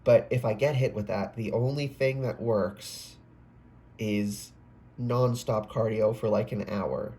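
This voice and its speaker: A man's voice: fairly low pitch, fairly even intonation, slow, warm tone. Rambling man giving a casual tarot reading. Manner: rambling, self-interrupting, swears and exclaims. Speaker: tarot reader.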